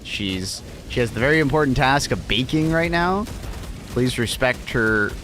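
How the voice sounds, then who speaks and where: A man's voice: mid-range voice, expressive, moderate pace, fairly bright tone, a little hiss or hum. A man chatting casually on a game live stream, talking to his cat and swearing now and then.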